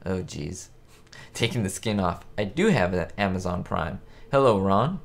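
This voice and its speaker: A man's voice: sits low, animated, a little slow, creaky. A man hosting a casual live chat on a facecam, answering viewers' comments in a rambling, chatty way with lots of fillers. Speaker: host of a live chat stream about a classic sitcom.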